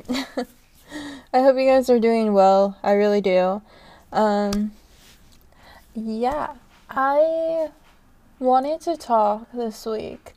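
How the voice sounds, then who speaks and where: A woman's voice: fairly high pitch, very slow, long pauses, warm tone. A young woman hosting her own podcast in casual solo chat, talking loosely with lots of fillers, frequent laughs and casual swearing, into a podcast microphone. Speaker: podcast host.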